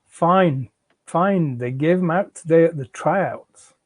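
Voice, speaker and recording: A man's voice: on the high side, slow pace, a little mellow, no room sound. A man reading the part of a defensive, out-of-work young father who stammers and pleads with his wife. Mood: stammering. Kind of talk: live fiction reading.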